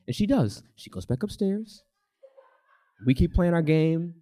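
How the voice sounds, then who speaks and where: A man telling a comic personal story live on a theater stage, with a lively, suspense-building delivery. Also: on the high side, unhurried.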